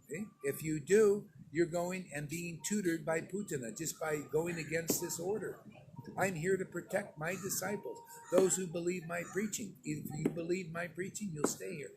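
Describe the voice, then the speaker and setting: A man's voice: on the high side, noisy background. A man giving an informal sermon to his disciples as their spiritual teacher, emphatic and stern, talking in a conversational way and often asking "see?".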